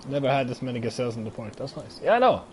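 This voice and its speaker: A man giving casual, excitable gameplay commentary, thinking aloud and swearing often, his throat a little strained. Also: mid-range voice, rapid-fire, a little hiss or hum. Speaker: gaming let's-player.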